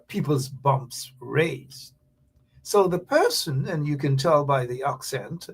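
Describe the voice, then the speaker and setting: Guy hosting his own talk show, gravelly husky voice, kinda high and bouncy, chatty, whispers asides. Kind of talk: casual livestream talk show monologue.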